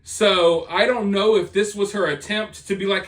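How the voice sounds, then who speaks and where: A man's voice: sits high, normal speed, hardly any pauses, a bit bright. A man hosting a commentary channel, delivering a sarcastic, dismissive and rambling opinion monologue.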